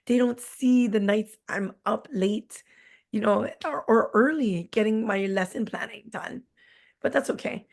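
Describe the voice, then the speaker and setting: A teacher in her forties, appearing as a guest, tells candid, blunt and jokey stories from her classroom. Her voice is a little high with vocal fry, and she speaks unhurriedly.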